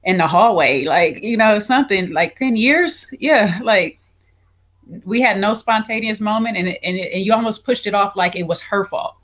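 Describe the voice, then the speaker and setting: A woman's voice: mid-range voice, moderate pace, fairly bright tone. A woman co-hosting a casual review podcast, recounting scenes in a chatty way with many fillers. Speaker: podcast co-host.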